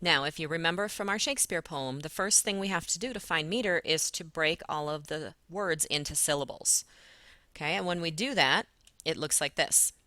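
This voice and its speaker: A woman's voice: deep voice, normal speed, bright, forceful tone, no room sound. A woman teacher patiently walking students through a poem step by step in a recorded lesson. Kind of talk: recorded lesson explaining poetry.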